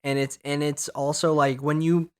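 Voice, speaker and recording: A man chatting casually as a player, animated, restarting sentences and swearing. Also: on the high side, normal speed, clean tone. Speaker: podcast co-host and player. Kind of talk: casual chat.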